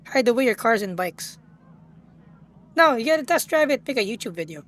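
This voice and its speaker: A young woman streaming a driving game, excitable and swearing, laughing and talking to her chat. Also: on the high side, moderate pace, pauses often. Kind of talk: casual live-stream chat while gaming.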